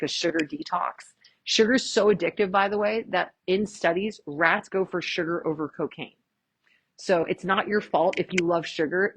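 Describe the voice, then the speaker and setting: Chatty husky woman giving a workshop. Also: on the low side, no room sound. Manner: chatty, animated, quick asides and jokes. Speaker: chiropractor giving a health workshop. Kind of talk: casual lecture to a live audience.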